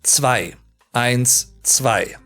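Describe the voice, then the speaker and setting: German guy with an accent explaining grammar stuff, slows down on the german words, faint music behind. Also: medium pitch, fairly bright tone. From Sauerland, Germany. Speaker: host. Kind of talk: language analysis commentary.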